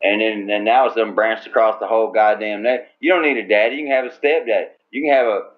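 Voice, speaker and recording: A man's voice: fairly low pitch, steady tone, fast talker. A man co-hosting a talk radio show, rambling crudely with constant swearing. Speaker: co-host. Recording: dull lo-fi sound.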